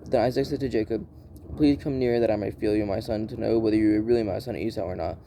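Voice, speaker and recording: A man reads scripture aloud in an unhurried, plain manner, stopping to restart and correct lines as he goes. His voice is deep-toned and dark, with a gravelly edge. A faint hiss sits under the recording. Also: steady tone. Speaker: Bible reader.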